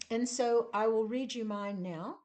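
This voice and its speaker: Slow, deliberate woman teaching poetry. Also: fairly high pitch, dull audio. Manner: slow, deliberate, emphasizing rhythm. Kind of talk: casual online poetry lesson. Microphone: camera at desk, seen gesturing.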